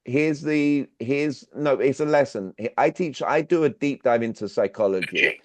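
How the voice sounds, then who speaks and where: A man's mid-range voice comes through unhurried as he runs an online sales workshop, speaking directly and grilling the participants with questions. The video-call sound is dull and dry, with no room sound.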